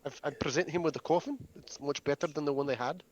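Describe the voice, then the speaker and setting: A man's voice: fairly high pitch, fast talker, muffled recording. A man playing a tabletop game, earnestly and methodically asking the game master about rules. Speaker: player. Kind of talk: casual tabletop play.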